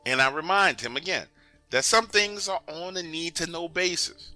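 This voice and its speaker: A man's voice: on the high side, very animated, moderate pace, sharp tone, soft background music. A man narrating a true story in an emphatic, conversational way, often urging the listener to pay attention.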